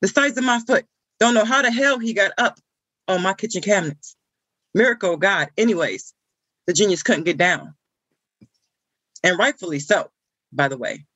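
A woman's voice: mid-range voice, moderate pace, pauses often, a bit bright, no room sound, lightly acted. A woman performing a comic monologue as a frazzled woman stuck watching a wild puppy, telling it with indignant exclamations. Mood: incredulous.

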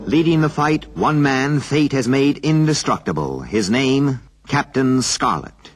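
A man's voice: medium pitch, lively intonation, over loud music, close to an everyday voice. A man doing an ominous trailer narrator. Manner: ominous, measured. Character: grave male series-intro narrator.

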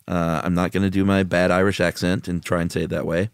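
Male podcast co-host, low smooth voice, dry close mic, relaxed fact-listing. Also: fast talker, dry recording. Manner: relaxed, laughs often, lists facts with uh fillers. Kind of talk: casual chat.

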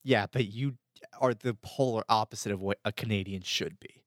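A man's voice: on the low side, normal speed, dry recording, studio quality. A man hosting a casual podcast, explaining a topic with lots of fillers. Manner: filler-heavy, chatty explaining. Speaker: podcast host. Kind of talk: casual chat.

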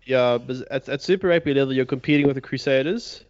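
A man's voice: medium pitch, fast talker. A man in a casual chat, chiming in agreeably with short remarks. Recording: dry dull lo-fi recording.

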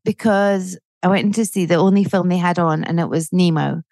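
A woman's voice: lowish voice, fairly even intonation, brisk, creaky, a little mellow, dry recording. Ranting, foul-mouthed woman. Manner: swears freely, rants with rising energy. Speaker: podcast guest, comedian. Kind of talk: casual chat.

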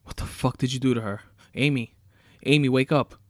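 A man voicing a panicked, furious man who has been tied up, shouting in desperation. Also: medium pitch, fairly even intonation, normal speed, no echo, studio quality, natural voice. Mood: frantic shouting. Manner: shouting, frantic.

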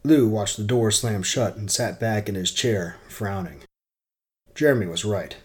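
A man narrating a story aloud in a plain, steady way. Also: lowish voice, unhurried. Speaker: audiobook narrator.

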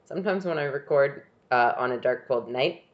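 A podcast co-host chatting casually through an episode recap, animated and quick to laugh, humming music cues. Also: medium pitch, highs cut off.

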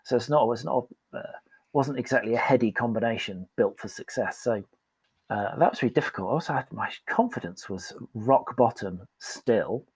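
A man's voice: medium pitch, moderate pace, darkish tone, slightly rough, no room sound, poor audio. A man telling a candid, self-deprecating story as a guest in a casual podcast interview. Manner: candid and self-deprecating, acts out quoted voices.

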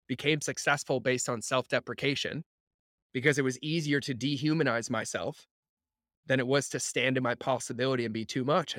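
A man's voice: mid-range voice, a bit bright, no echo, clean studio sound. A man hosting a podcast, chatting casually and emphatically, swearing freely and often. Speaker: podcast host. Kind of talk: casual chat.

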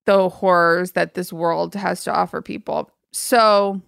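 A woman's voice: fairly low pitch, steady tone, measured pace, vocal fry, a bit bright, clear, resonant tone, dry recording, studio quality. A woman co-hosting a podcast in casual chat, teasing her friend and then speaking earnestly. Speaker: podcast co-host.

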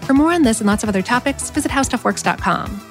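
Crisp podcast host, woman. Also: fairly high pitch, expressive, fast talker, faint music behind. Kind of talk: scripted podcast intro.

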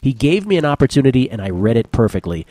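Male betting-show host, dark tone, dry close sound. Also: mid-range voice, very animated, quick pace, no echo. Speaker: sports betting podcast host. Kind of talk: casual sports betting talk.

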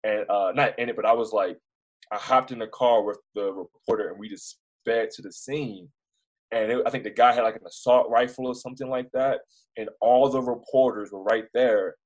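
Young man with a Baltimore accent, husky and mid-pitched, telling stories casually with many restarts. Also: moderate pace, poor audio. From Baltimore, United States. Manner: rambling, animated storyteller with many restarts and fillers. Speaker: news reporter, interview guest. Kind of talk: casual storytelling in an interview.

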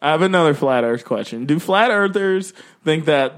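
A man talking as a guest on a casual podcast, goofy and quick to laugh. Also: on the high side, lively intonation.

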